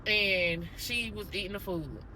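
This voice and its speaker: A woman vlogger casually telling a story straight to her viewers, animated and conversational. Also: medium pitch, unhurried, slight background noise, poor audio.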